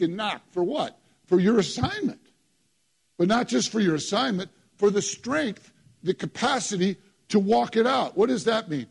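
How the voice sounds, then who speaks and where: New pastor preaching in church, kinda high voice, husky, keeps repeating lines back at the crowd. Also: male voice. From New York. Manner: emphatic call-and-response preaching, repeating short phrases. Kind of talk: sermon.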